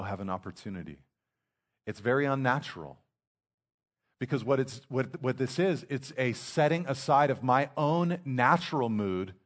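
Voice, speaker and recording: A man preaching a sermon in a casual, conversational way, often restarting his sentences. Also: medium pitch. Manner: conversational preaching with frequent restarts and acted asides. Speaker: pastor.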